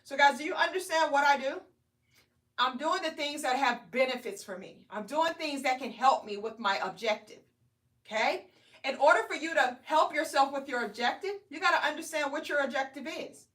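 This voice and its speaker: A woman's voice: high-pitched, normal speed, a bit bright. A woman in her thirties live-streaming a motivational talk to her viewers, chatty and often checking in with "okay?" and "guys.". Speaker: weight loss vlogger. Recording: distant from the mic.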